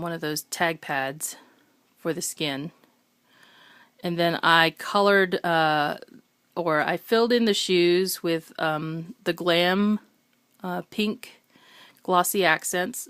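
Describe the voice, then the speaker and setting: A woman with a smooth, lower-pitched voice talks through her craft work at a table. Her speech is chatty and full of ums, and she corrects herself often. The sound is close and dry. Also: fairly bright tone, dry recording. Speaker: craft video maker. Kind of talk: casual show-and-tell.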